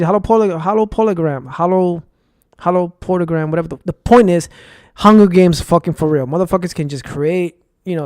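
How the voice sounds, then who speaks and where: A man's voice: sits high, a little mellow, dry recording, clean studio sound. A young man from New York ranting in a rambling, profane, heated monologue to his viewers. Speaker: vlogger. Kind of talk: casual conspiracy rant.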